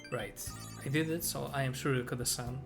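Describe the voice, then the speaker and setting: A man's voice: medium pitch, fairly even intonation, brisk, gravelly, lightly acted. A man reading a remorseful young fortune teller. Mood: earnest. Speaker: gamer reading game dialogue aloud. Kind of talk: reading game dialogue aloud. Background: game music.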